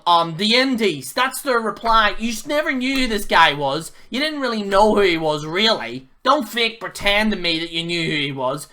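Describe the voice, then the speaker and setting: A man's voice: high voice, pushed and bright. A man hosting his own channel, giving a blunt, heated wrestling review full of casual slang and repeated jabs. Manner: casual slang, fillers, restarts. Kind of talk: ranting video review.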